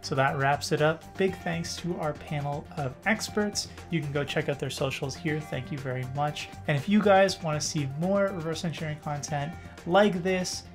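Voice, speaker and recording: A man's voice: on the high side, moderate pace, faint music behind. A man with a Canadian accent hosting a casual panel discussion, joking and chuckling between his points. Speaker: host. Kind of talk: casual livestream panel chat.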